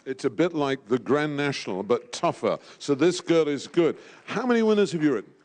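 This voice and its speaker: A man's voice: a little high, animated, fairly quick, a little mellow. A man emceeing a live event, jovial and teasing, sprinkling in French phrases. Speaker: event host at a draw.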